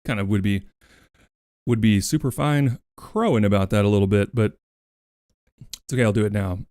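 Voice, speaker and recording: A man's voice: fairly low pitch, moderate pace, a little mellow, dry recording, studio quality. A man streaming, chatting casually and playfully, thanking viewers by name. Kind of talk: casual livestream chat.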